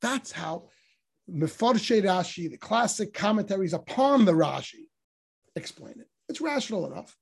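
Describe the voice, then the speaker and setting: Husky-voiced man teaching with emphasis. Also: high voice, expressive, moderate pace. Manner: emphatic, rhetorical questions, voice rising on quotes. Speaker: Torah teacher. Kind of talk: text study lecture.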